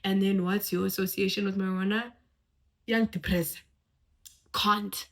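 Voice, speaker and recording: A woman talking casually to camera about life lessons, animated and expressive, swinging from loud exclamations to hushed asides. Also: mid-range voice, a little slow. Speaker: vlogger giving life advice.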